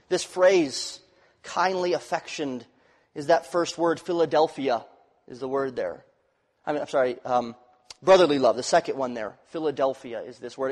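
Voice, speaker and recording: A male pastor preaching a sermon, swinging from loud, rising emphasis to quiet, dropped phrases. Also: medium pitch. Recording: long reverb of a large hall.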